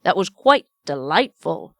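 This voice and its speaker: A woman's voice: on the low side, very animated, a little slow, a bit bright, no room sound, full character voice. A woman reading aloud, voicing a humble, kindly father who speaks earnestly and tenderly to his family. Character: kindly humble father, gentle and warm-hearted.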